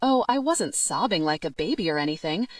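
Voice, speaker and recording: Lively woman narrating an audiobook, dry sound. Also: lowish voice, brisk, no room sound. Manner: chatty, wry teen-girl storytelling. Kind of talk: first-person audiobook narration.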